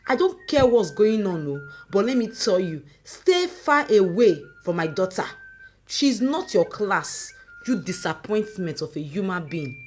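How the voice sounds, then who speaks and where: A woman voicing a furious, grieving middle-aged mother who shouts and scolds with sharp exclamations. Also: mid-range voice, big pitch swings, measured pace, a little hiss or hum.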